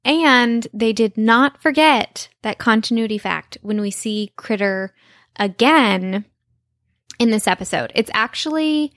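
A woman's voice: a little high, a little slow, fairly bright tone, dry recording, clean studio sound. Chatty enthusiastic woman podcast host. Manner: enthusiastic, chatty, many fillers. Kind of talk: casual chat.

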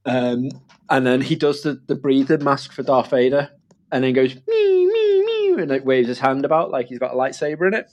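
A man's voice: mid-range voice, fairly even intonation, brisk, highs cut off. A young man chatting casually, telling a rambling family story with laughs and acted-out quotes.

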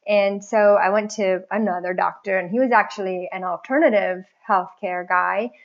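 Woman guest, animated and chatty, recounting her story; mid-range voice, muffled lo-fi recording. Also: mid-range voice, normal speed. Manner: chatty, animated, laughs often. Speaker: podcast guest. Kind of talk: casual personal story.

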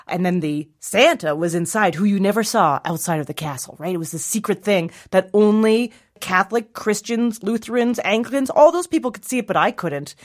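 Casting: woman, comic storyteller, animated, acts out voices. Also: on the low side.

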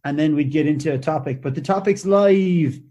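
An Irish man, a comedian guest, telling stories in a relaxed, chatty way. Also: on the high side, fairly quick. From Ireland. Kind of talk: casual chat.

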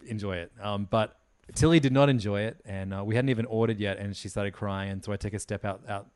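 Low-voiced Australian man telling a story. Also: steady tone, fast talker, a little mellow, clean tone, no echo. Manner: rambling storyteller, laughs often, many fillers. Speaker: podcast co-host. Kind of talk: casual podcast chat.

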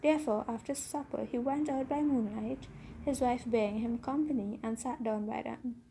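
A woman podcast host calmly reading a classic tale aloud, with a husky, gravelly voice. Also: a little high, moderate pace, slight background noise, rough recording. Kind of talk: bedtime story reading.

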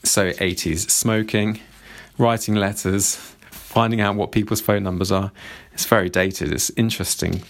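Man, lowish voice, casual book review, reads passages aloud, chatty, asks listeners for opinions. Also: steady tone, moderate pace.

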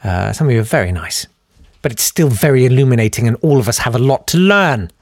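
A man's voice: mid-range voice, lively intonation, fast, no room sound, studio quality. A man hosting a podcast, delivering a sarcastic, ranting comic monologue to his listeners. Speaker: podcast host.

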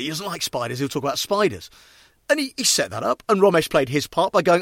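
A man's voice: high voice, brisk, no room sound, studio quality. A man co-hosting a casual chat, telling anecdotes and quoting people as he goes. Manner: animated storytelling, quoting others. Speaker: podcast co-host.

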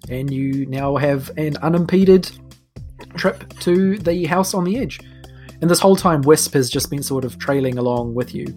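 A man running a tabletop role-playing game as game master, narrating scenes in a relaxed, laughing way. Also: on the high side, normal speed, faint music behind.

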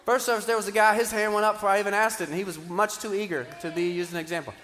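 A man preaches from the stage of a church auditorium, his voice carrying a long hall reverb. He is animated and keeps swinging from loud, emphatic bursts down to quiet asides. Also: high-pitched, very fast, faint music behind. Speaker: pastor. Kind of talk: sermon.

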